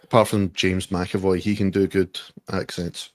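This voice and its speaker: A man's voice: low-pitched, flat delivery, normal speed, no room sound. A man hosting a podcast, chatting casually and swearing freely. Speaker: podcast host. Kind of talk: casual banter.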